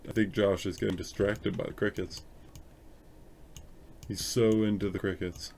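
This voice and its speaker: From a room at home with its window open, a man live-streams casually while editing photos, talking and thinking aloud with some self-consciousness. His fairly low, darkish voice has vocal fry and little pitch movement at a moderate pace, with a bit of hiss or hum.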